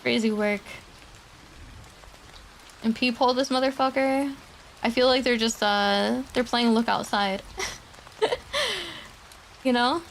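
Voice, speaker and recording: Slightly high, gravelly-voiced woman streamer. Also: fairly even intonation, slow, long pauses, slight background noise, low-quality recording. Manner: chatty, reacts aloud between readings. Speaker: streamer reading online stories. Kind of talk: casual chat and reading stories aloud.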